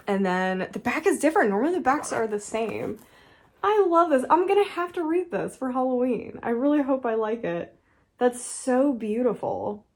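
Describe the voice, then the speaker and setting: A woman in her thirties talks through an unboxing in a relaxed, chatty way. She gushes over what she finds and breaks into quick laughs often. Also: medium pitch. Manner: gushing, excitable, quick laughs. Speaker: book vlogger. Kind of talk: casual unboxing chat.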